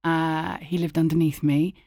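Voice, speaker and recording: A woman's voice: sits low, unhurried, no room sound, studio quality. A woman, a guest in an interview, telling a story animatedly and acting out the voices. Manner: animated, acts out voices in anecdotes. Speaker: guest, actor and writer.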